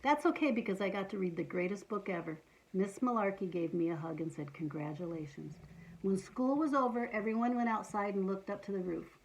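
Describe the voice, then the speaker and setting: Lively woman reading a children's book. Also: mid-range voice, brisk, low-quality recording. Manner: animated, playful, adds asides to young listeners. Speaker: storytime reader. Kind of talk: children's picture book read-aloud.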